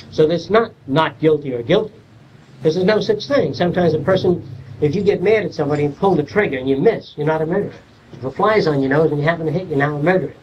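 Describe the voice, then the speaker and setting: A man's voice: a little high, a little hiss or hum. An older man giving an informal lecture, blunt and salty, acting out little dialogues as he tells stories. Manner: blunt, salty, animated storytelling. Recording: distant, muffled 1970s archive tape.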